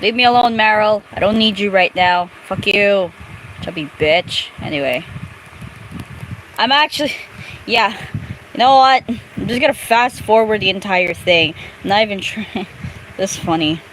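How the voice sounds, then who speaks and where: Woman, young adult, crude chatty game commentary, unhurried, faint noise behind. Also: medium pitch, fairly bright tone, low-quality recording. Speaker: gameplay streamer. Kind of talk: casual gameplay commentary.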